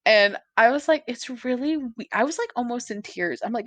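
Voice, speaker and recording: A woman's voice: a little high, lively intonation, moderate pace, few pauses, a bit bright, no echo. Chatty young woman, dry close sound. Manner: chatty, swears freely, laughs often. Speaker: podcast co-host. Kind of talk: casual chat.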